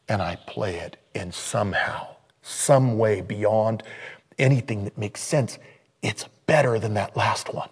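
A man in his sixties, a pastor giving an informal sermon, who swings between loud exclamations and hushed tones. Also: fairly low pitch, expressive, slow pace, long pauses, slightly rough. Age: 60s.

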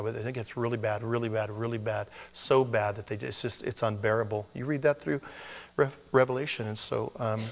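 A male pastor preaches in a loose, conversational style, joking and slipping into high mock voices to mimic people. His voice sits at a middle pitch. A long hall reverb trails behind every phrase. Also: fairly even intonation, brisk. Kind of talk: conversational sermon.

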